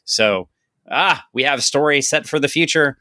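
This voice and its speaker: A man's voice: fairly high pitch, normal speed, pushed and bright, no room sound, studio quality. A man co-hosting a casual comic book podcast, recapping the plot with playful asides. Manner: recaps plot, jokes in a put-on drawl. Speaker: podcast co-host.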